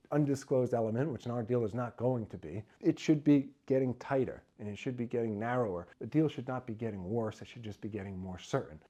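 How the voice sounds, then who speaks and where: A man's voice: mid-range voice, warm tone. A middle-aged man giving business advice as a deal advisor, emphatic and repetitive, acting out quotes from buyers. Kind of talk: talking-head business advice.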